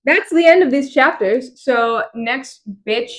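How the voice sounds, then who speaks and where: A woman's voice: high-pitched, a bit bright. Giggly young woman chatting about books. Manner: giggly, slangy, quick to act out characters. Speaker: podcast co-host. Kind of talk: casual book chat.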